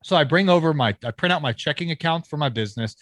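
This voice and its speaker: A man, a landscaping business owner, telling a story as a podcast guest, lively and acting out the people he quotes, with frequent restarts. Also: on the high side, fast talker, no echo. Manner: animated storyteller who acts out quoted dialogue. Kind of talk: casual storytelling interview.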